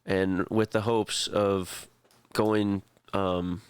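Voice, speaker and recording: A man running a tabletop role-playing game, narrating in a relaxed, rambling way. His voice is low, smooth and clear, and he takes his time. The sound is dry and close. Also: very slow. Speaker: game master.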